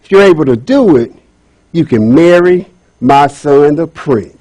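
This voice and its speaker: A man's voice: fairly high pitch, animated, measured pace, dark tone, voice pushed down, low-quality recording. A man voicing a demanding, greedy king in a told folk tale, with a bossy, commanding manner. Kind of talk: storytelling speech.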